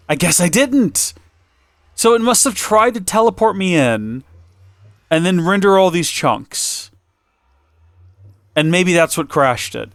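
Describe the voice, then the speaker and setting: A man's voice: on the high side, a bit bright, no echo, clean studio sound. A man hosting a casual gameplay video, talking in a rambling, self-deprecating and flustered way. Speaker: let's play host.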